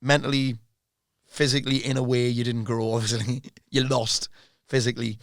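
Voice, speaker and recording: A man's voice: mid-range voice, level tone, normal speed, dry recording, clean studio sound. A man mentoring a business client in a casual interview, blunt, swearing freely and laughing often.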